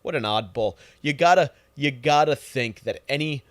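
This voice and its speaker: Man, young adult, podcast host, profane, sarcastic, exasperated, medium pitch, dry sound. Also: normal speed, no echo. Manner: crude, sarcastic, exasperated storytelling. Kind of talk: profane solo podcast rant.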